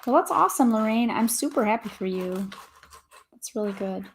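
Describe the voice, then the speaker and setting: A woman's voice: a little high, expressive, moderate pace, a little hiss or hum. A young adult woman hosting a casual livestream, chatting cheerfully and reading viewer comments aloud. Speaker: livestream host.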